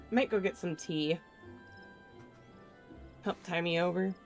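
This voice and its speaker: Sleepy woman chatting slowly on stream. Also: on the low side. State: sleepy, stifling yawns. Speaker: game streamer. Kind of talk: casual gaming stream chat. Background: faint chill background music.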